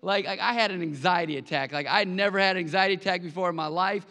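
High, bright-voiced pastor in a reverberant church. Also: male voice, fast. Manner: conversational, animated storytelling with acted quotes. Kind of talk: sermon. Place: church sanctuary. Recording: long hall reverb.

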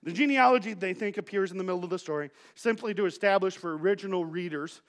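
A man's voice: high voice, fast. A male pastor giving a sermon in a conversational, joking way, telling playful stories to his congregation.

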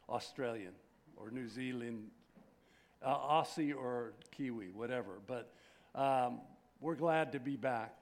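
A man in his sixties, a pastor who prays and then greets his church in a chatty, rambling way full of fillers and restarts. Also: medium pitch. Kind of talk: sermon with prayer and casual church greeting. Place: church sanctuary.

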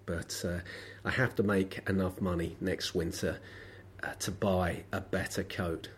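A man's voice: deep voice, fairly even intonation, unhurried, husky. A man hosting a solo podcast, who is under the weather, telling rambling, wry anecdotes with many ums and uhs. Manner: rambling, wry everyday anecdotes with frequent fillers. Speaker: podcast host.

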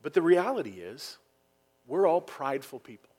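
A man's voice: fairly high pitch, big pitch swings, normal speed, darkish tone, breathy edge. A man preaching a Sunday sermon as pastor, earnest and emphatic, stressing key phrases and sometimes dropping to a near whisper. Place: church sanctuary.

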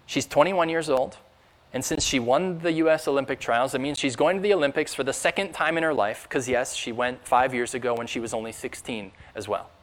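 A man's voice: mid-range voice, a little fast, a bit bright. A man preaching a sermon in an earnest, emphatic way, building up through rhetorical questions. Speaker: pastor.

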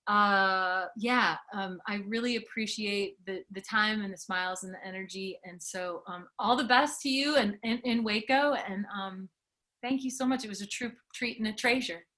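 A woman's voice: mid-range voice, normal speed. A middle-aged woman comedian and podcast host, chatting as a guest and acting out quotes as she tells stories. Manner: animated storyteller, acts out quotes. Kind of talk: casual interview chat.

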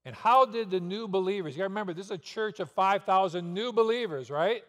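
A man pastor with a high-sitting, slightly bright voice preaches fast in a church sanctuary, asking rhetorical questions and driving points home with sudden emphasis. The hall's long reverb colors the recording.

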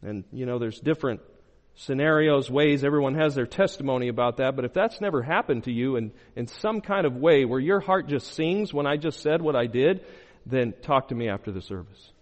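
A man preaching a sermon as pastor, moving between loud emphatic bursts and low, quiet phrases. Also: animated, brisk. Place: church sanctuary. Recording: long hall reverb.

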